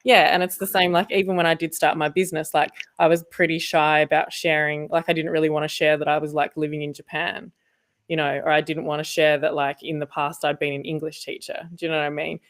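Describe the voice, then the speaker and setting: A woman's voice: low-pitched, flat delivery. A woman co-hosting a podcast, talking casually with lots of fillers and asides. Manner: rambling, many fillers, quick asides. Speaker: podcast co-host, former journalist.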